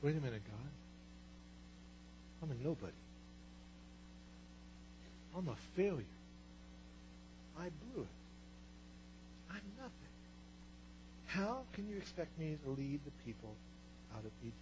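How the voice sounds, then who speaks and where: A man's voice: very high voice, expressive, brisk, pitched above the performer's own voice. A man acting out Moses as an anxious, self-doubting figure who pleads and protests with a whiny voice, on a slightly muffled recording with a faint hum. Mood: despairing.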